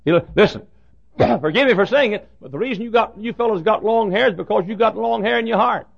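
A man preaching a sermon, telling a folksy story in an animated way that builds suspense. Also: sits high, a little fast, gravelly, breathy edge. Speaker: pastor. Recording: dull lo-fi sermon recording.

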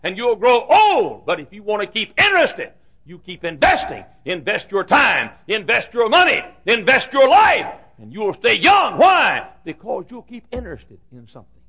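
A man in his fifties preaching a sermon in a folksy, joking way, repeating himself and bursting into shouts. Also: high-pitched, huge pitch swings, normal speed, husky. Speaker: pastor. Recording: dull lo-fi recording.

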